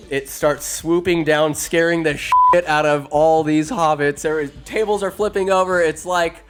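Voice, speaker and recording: A male podcast host retells a film in a crude, rambling, irreverent comedy style. His voice sits a little high for a man, and faint music plays underneath. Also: a bit bright. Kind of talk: comedic movie recap.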